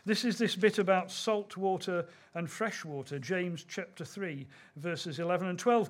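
High-voiced preacher. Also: male voice, a little slow, few pauses. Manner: conversational storytelling, reading scripture aloud. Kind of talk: sermon.

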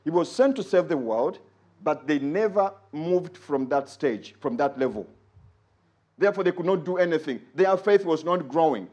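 A man preaching a sermon in an animated way, rising high when he quotes others and dropping low for asides. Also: moderate pace.

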